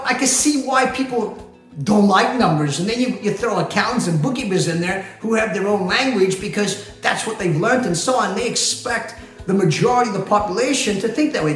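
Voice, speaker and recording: A man's voice: high-pitched, expressive, normal speed, fairly bright tone. A man, a company president, explaining things in a chatty way, asking rhetorical questions and often laughing. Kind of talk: explainer talk to camera. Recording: very echoey room with faint music.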